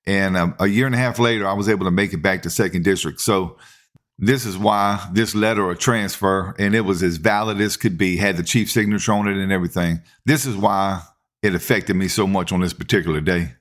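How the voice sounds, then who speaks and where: A man, hosting a podcast and telling a work story in a casual, animated way, acting out what people said. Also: low-pitched, brisk. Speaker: podcast host, police officer.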